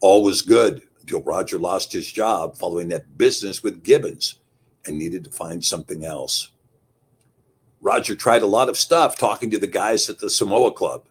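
A man narrating a story in a folksy, unhurried way. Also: low voice, breathy edge. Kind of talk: scripted narration.

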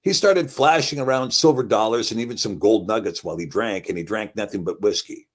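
A man narrating a story in a folksy, unhurried way. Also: on the low side. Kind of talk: scripted narration.

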